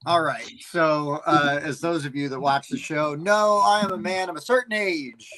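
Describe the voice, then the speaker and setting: A middle-aged man co-hosting a casual chat, telling rambling, animated stories with plenty of fillers. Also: fairly high pitch, moderate pace, low-quality recording. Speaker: podcast co-host.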